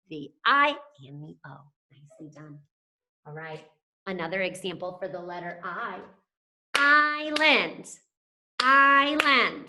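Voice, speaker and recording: A woman's voice: on the low side, bright, forceful tone. A woman teacher giving a phonics lesson to young children, stretching out and stressing words so they can follow. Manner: slow, drawn-out words stressed for young learners.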